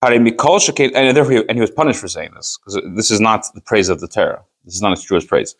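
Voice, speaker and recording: A man's voice: fairly low pitch, fast talker. Man teaching a rabbinic text. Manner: reads Hebrew text, then explains it in English with emphatic rhetorical questions. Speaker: rabbi teaching a Chassidus class. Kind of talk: Torah study class, reading and translating a text.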